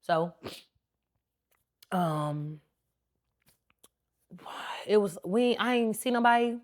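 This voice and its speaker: A woman podcast host, telling a personal story in an animated, talkative way and acting out what people said. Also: mid-range voice, very slow. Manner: animated, talkative storyteller who acts out quotes.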